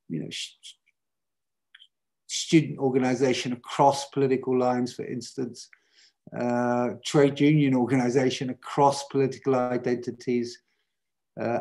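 A man's voice: mid-range voice, dark tone. A man, a film director on a panel, answering a question thoughtfully with many hesitations and restarts.

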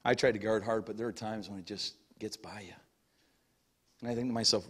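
A middle-aged male pastor preaching a sermon, moving between shouted passages and hushed asides, recorded in a church sanctuary. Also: lowish voice, steady tone, fairly quick, slightly rough. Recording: long church hall reverb.

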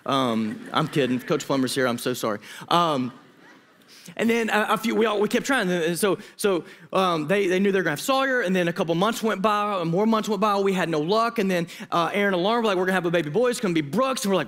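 A man's voice: sits high, expressive, fast talker, a bit bright. Emotional storytelling man preaching. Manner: personal, emotional storytelling with asides. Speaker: student pastor. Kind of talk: sermon. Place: church hall.

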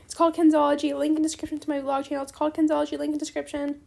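A young woman chatting bubbly and fast while playing a game, often saying bestie. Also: high-pitched, little pitch movement, gravelly, dark tone, slight background noise. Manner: bubbly, fast-talking, says bestie a lot. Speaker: gaming YouTuber. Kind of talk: casual gameplay commentary.

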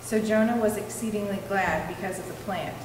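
A woman reading a scripture passage aloud in a steady, measured way. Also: mid-range voice. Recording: distant mic in an echoey hall with room noise.

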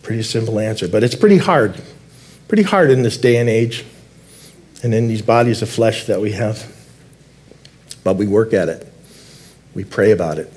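A man preaching a sermon as lead elder in a church, earnest, repeating key words and slowing down to stress them. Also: on the low side, expressive, darkish tone. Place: church sanctuary.

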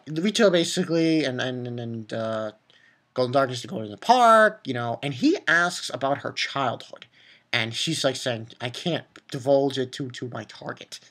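A man's voice: mid-range voice, normal speed. A man giving a casual spoken episode review, rambling and swearing as he rants in exasperation. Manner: animated, profane, exasperated ranting; rambling with restarts and filler. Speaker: anime reviewer.

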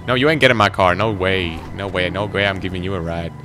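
A teenage boy giving rambling, excitable commentary while playing a video game. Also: deep voice, quick pace, noisy background. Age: teens. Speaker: gaming channel host. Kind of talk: gameplay commentary.

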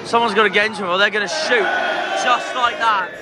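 A man from southwest England, a football fan vlogger giving excitable live commentary from the stands, shouting at the players. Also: high-pitched, a little fast. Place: outdoor football stadium stands. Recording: loud crowd and stadium noise.

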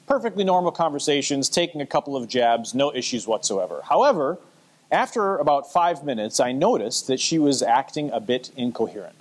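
A man's voice: mid-range voice, lively intonation, moderate pace. A man presenting at a conference, telling a story with wry asides to the audience.

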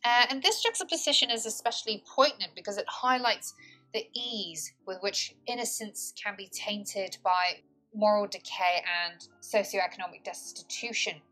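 A woman's voice: medium pitch, normal speed, bright, forceful tone, soft background music. A woman tutor giving a detailed, precise poetry analysis lesson, stretching and stressing words to show the rhythm. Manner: articulate, precise academic wording. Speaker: literature tutor.

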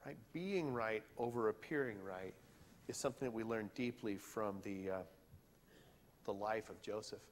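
A man giving a sermon in a church, earnest and questioning, sometimes pausing to search for words. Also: lowish voice, a little hiss or hum. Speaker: pastor. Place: church sanctuary. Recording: hall reverb.

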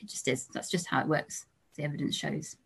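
Calm English woman telling clinical stories. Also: low voice, vocal fry, husky. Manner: calm, measured, with soft trailing endings. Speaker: lecturer, GP trainee. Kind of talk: storytelling lecture.

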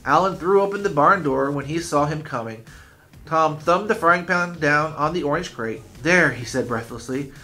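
A man's voice: on the high side, normal speed, sharp tone, faint music behind. Man reading a chapter book aloud.

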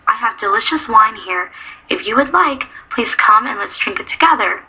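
A woman's voice: on the high side, lively intonation, moderate pace, breathy edge. Woman putting on a cranky old owl. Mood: sweetly cunning. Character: cranky old female owl, short-tempered. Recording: dull lo-fi recording.

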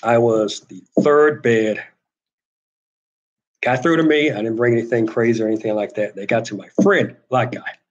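A man's voice: mid-range voice, normal speed, muffled recording. A man hosting a casual talk show, telling an army story with quoted voices and reading viewer comments. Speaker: host.

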